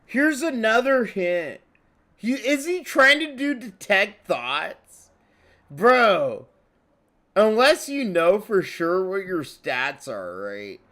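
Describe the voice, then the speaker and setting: A man doing casual reaction commentary over a game stream, profane, excitable and rambling. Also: high voice, slow. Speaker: restream commentator.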